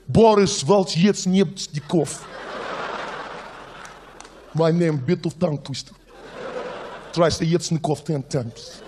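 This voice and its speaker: A man voicing a theatrical male Russian terrorist mastermind, speaking in slow, heavy, broken English with a put-on Russian accent. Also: high-pitched, a little mellow, slight background noise.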